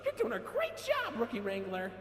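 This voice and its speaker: A man's voice: very high voice, huge pitch swings, normal speed, slight background noise, heavily acted. A man voicing a peppy male cartoon raccoon park mascot in a game, with sing-song announcer patter. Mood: chirpy. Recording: reverberant with faint music.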